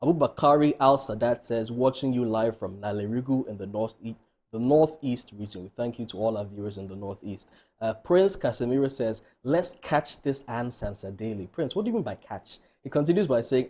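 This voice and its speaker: Mellow Ghanaian man reading viewer texts. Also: mid-range voice, brisk. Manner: steady, with dry asides. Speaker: co-host reading viewer messages.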